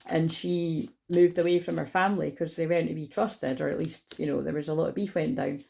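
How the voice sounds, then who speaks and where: A woman's voice: low voice, steady tone, brisk, creaky, mellow. A young woman giving a casual, rambling tarot reading, chatty and swearing freely. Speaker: tarot reader.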